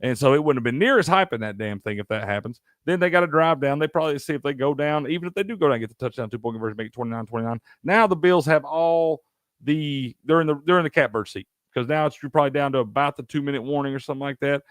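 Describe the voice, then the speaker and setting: Pitched fairly high and talking fast, a man hosts a live sports stream and rants heatedly, with plenty of profanity, while responding to chat. He's from Tennessee, and the studio-quality audio has no echo.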